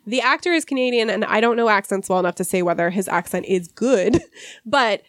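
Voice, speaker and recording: A woman's voice: medium pitch, a little fast, no room sound, studio quality. A woman hosting a casual literary discussion podcast, reading quoted passages and stumbling over hard words. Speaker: podcast host.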